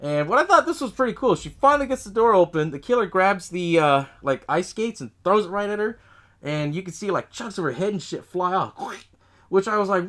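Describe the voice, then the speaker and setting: A man hosting a podcast, casually recapping a horror movie in a profane, animated way, laughing often and acting out the characters' lines. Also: high voice, a little fast. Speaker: podcast host.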